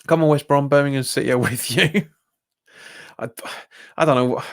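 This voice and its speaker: Young cockney-accented guy streaming a match live, middle-pitched voice, chatting to viewers and getting wound up at the ref. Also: moderate pace, long pauses. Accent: Cockney-tinged London English. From England. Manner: exasperated, jumps up in pitch at bad calls, chats with viewers. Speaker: football fan livestreamer. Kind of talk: live match watch-along commentary.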